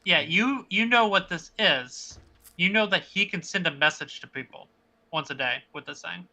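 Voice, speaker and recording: A man narrating as game master of a tabletop role-playing game, in a relaxed, halting way with many fillers. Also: high-pitched.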